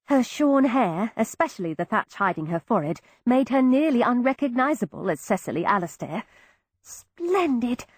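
A woman giving expressive first-person narration of an audiobook, voicing each character. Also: a little high, a little fast, few pauses, breathy edge, no room sound, clean studio sound.

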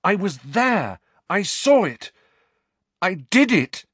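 A man's voice: high-pitched, sing-song, slow pace, fairly bright tone, breathy edge, no echo, pitched above the performer's own voice, heavily acted. A man voicing a frantic teenage boy wizard in pain, panting and urgent as he insists on what he saw. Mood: furious insistence.

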